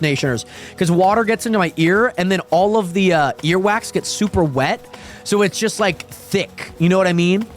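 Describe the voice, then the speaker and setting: A young man on a gaming livestream, talking to chat in a high voice that swings all over the place. He rambles casually to his viewers and bursts into yelps during fights. Dance pop music plays faintly behind him. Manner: chatty, addresses viewers constantly, yelps excitedly during fights. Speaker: live streamer.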